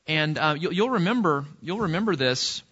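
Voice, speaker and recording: A man's voice: a little high, lively intonation, normal speed, fairly bright tone, husky, highs cut off. A man teaching an interactive Bible study lesson in a church classroom, putting questions to the class and often restarting his sentences. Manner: conversational, asks the class questions, frequent restarts.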